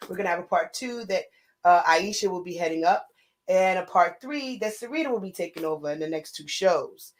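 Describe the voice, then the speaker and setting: A woman co-hosting a casual live-stream chat with a New York accent, talkative and playful with shout-outs. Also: on the low side, fairly quick, poor audio. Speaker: co-host.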